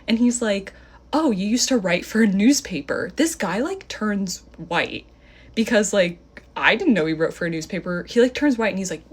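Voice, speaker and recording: A young woman telling a story in a casual phone-video style, animated, with lots of filler "like" and a voice that jumps high whenever she quotes someone. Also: a little fast, husky.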